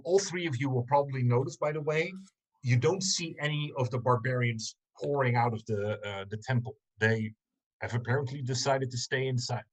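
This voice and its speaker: A man running a tabletop game over a video call, mid-pitched and measured. He fills his pauses with ums as he works out distances and moves the scene along. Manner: hesitant, many ums, measured. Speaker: game master.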